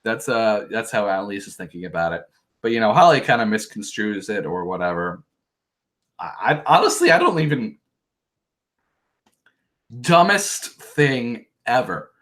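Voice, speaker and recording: A man's voice: lowish voice, big pitch swings, normal speed, pauses often, fairly bright tone. A man hosting a podcast, casually recapping a reality show in a rambling, profane way with joking asides. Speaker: podcast host.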